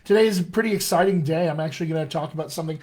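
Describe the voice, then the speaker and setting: An American man with a fairly high speaking voice runs a relaxed live-stream lesson as a dialect coach. He chats loosely, greets viewers by name and fills his sentences with ums and uhs, and he sounds like he is talking into a computer mic. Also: racing. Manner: chatty and filler-heavy, greets viewers by name. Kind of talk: casual live-stream teaching.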